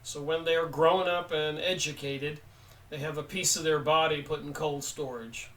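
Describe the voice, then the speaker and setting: Man, book reviewer, casual and halting, slightly high voice, distant from the microphone. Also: steady tone, a bit bright. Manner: unhurried, halting with frequent pauses. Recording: voice set back from the mic.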